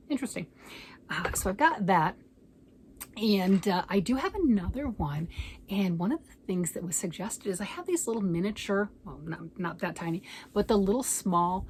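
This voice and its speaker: A woman chatting casually in a crafting vlog, rambling and gushing as she talks through her projects. Her voice sits at a middling pitch. A faint hum of room ambience runs underneath. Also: a little mellow. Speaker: crafting vlogger. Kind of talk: casual chat showing projects.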